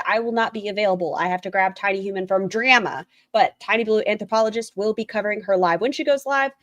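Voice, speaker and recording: A woman's voice: medium pitch, no room sound, studio quality. A woman hosting a livestream, reading out a written statement and viewers' chat messages and commenting on them bluntly, swearing casually. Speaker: livestream host.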